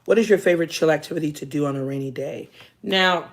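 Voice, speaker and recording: A woman's voice: deep voice, fast. An American woman hosting a casual live stream, chatting frankly and joking as she reads viewers' comments aloud. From United States. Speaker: livestream host.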